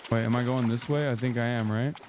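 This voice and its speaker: A man's voice: mid-range voice, fairly even intonation, fast talker, background noise. A man in his thirties streaming a video game, chatting casually and joking with his chat. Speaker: streamer host. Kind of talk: casual gameplay commentary. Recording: voice over loud game music.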